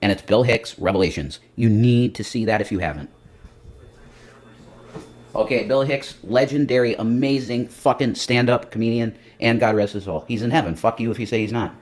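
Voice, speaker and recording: A man's voice: medium pitch, moderate pace, darkish tone. A man hosting a livestream, rambling casually with lots of profanity and self-mockery. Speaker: livestream host.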